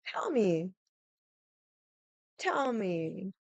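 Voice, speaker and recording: A young adult woman vents casually to her stream, swearing heavily and sounding exasperated while mocking other people in quoted voices. Her mid-range voice is very animated and very slow, with vocal fry. There's no echo in the recording.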